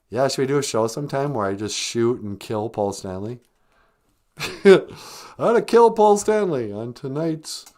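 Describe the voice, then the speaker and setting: A man hosting a comic podcast, rambling and deadpan with sarcastic asides. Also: medium pitch, normal speed. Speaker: podcast host.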